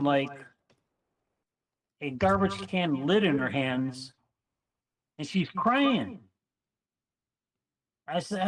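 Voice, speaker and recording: A man casually telling a story on a chat panel, animated and acting out what people said. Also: fairly high pitch, far from the mic, poor audio. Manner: animated storyteller, acts out quotes.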